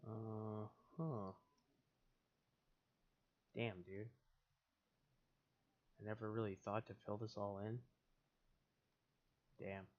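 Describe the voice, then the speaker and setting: A man's voice: fairly low pitch, flat delivery, very slow, pauses often, darkish tone, dull audio. A man livestreaming a build, ranting in exasperated, profane casual commentary. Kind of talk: casual live-stream commentary while building.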